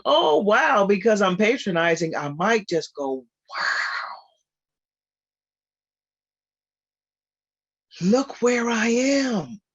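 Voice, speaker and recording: Slow, animated spiritual speaker. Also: medium pitch, lo-fi sound. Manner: animated, repetitive, often laughing. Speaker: guest speaker. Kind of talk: informal spiritual talk.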